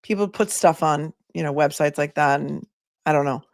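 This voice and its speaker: A woman with a slightly low voice hosts a casual livestream, talking loosely and musing aloud as she reads viewer comments. The sound is dry and close, with no room in it. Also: normal speed, no echo. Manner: chatty, thinking aloud with many asides. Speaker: attorney and commentator.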